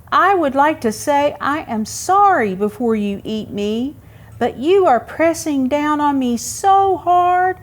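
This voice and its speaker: A woman voicing a cheeky little male squirrel in a storybook reading, with a high chirping voice.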